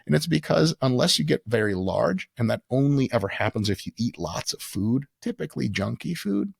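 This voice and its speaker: A man, a podcast guest, telling joking stories in an animated, profane way. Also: medium pitch, fairly quick, creaky, slightly rough, no room sound, clean studio sound. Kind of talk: casual comic storytelling.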